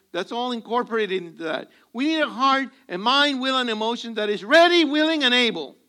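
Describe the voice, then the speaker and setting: This pastor preaches in a high-pitched voice that's pushed and bright. His sermon mixes humorous stories with acted-out lines of dialogue for the congregation.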